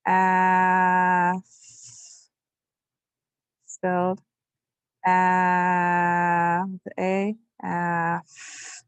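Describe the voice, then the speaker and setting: A woman teaching a spelling lesson to young children, slowly sounding out each syllable with patience. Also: on the low side, no room sound.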